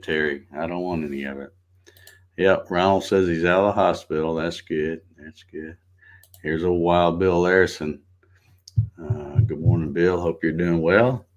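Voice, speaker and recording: A middle-aged man hosting a casual morning livestream, greeting viewers by name in a relaxed, folksy way. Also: extremely low pitch. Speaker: livestream host.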